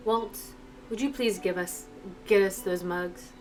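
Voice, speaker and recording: A woman's voice: medium pitch, steady tone, measured pace, a little mellow, close to an everyday voice. A woman reading as a caring, motherly woman. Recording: distant mic with background music.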